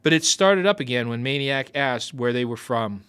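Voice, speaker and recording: A man reading a novel aloud as narrator, with lively, expressive storytelling. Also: mid-range voice, normal speed, clear, resonant tone.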